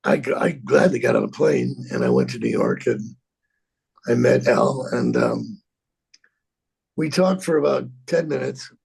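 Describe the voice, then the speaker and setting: Gravelly husky older man telling a story. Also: medium pitch, sing-song, darkish tone. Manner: rambling, profane, halting with repeats and laughs. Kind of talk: anecdotal storytelling in an interview.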